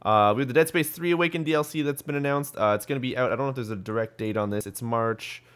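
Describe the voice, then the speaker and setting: A man's voice: mid-range voice, fast, clean tone. A young man hosting a podcast, chatting casually about gaming news with lots of ums and restarts. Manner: rambling, full of ums and restarts. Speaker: podcast host.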